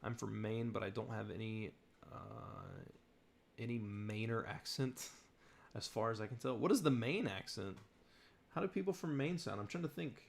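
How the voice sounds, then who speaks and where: Gravelly low-voiced young man chatting casually. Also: moderate pace. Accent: General American with slight Southern Virginia tinge. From southern Virginia. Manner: rambling, many fillers, reads chat aloud. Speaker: YouTube host answering live chat. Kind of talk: casual live-stream chat.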